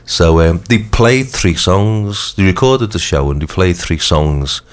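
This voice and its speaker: A man with a croaky voice, hosting a radio show and chatting casually, rambling with lots of ums and restarts. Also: sits low, lively intonation, unhurried. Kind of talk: casual chat.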